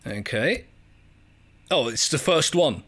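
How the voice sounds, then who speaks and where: Lively English man playing a game. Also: mid-range voice, slow pace. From England. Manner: chatty, self-mocking, laughs often, reads on-screen text aloud. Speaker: gaming video creator. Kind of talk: let's play commentary.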